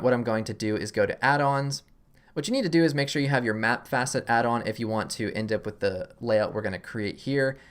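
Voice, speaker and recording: A man walks through a software tutorial in a loose, chatty way, narrating each click as he goes. He sounds relaxed and pokes fun at himself when something goes wrong. He records from a desk mic at home. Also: mid-range voice. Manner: relaxed, self-deprecating, thinks aloud while clicking. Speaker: tutorial host.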